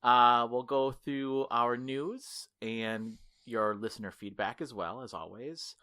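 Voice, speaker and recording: A man's voice: mid-range voice, fairly even intonation, takes it slowly, bright, forceful tone. A man hosting a gaming podcast, chatting casually with co-hosts and often laughing as he rambles. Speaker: podcast host. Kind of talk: casual chat.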